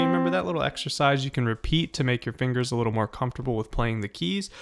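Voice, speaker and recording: A man's voice: mid-range voice, a bit bright. A man teaching a beginner piano lesson, patiently naming notes and counting aloud while encouraging his students.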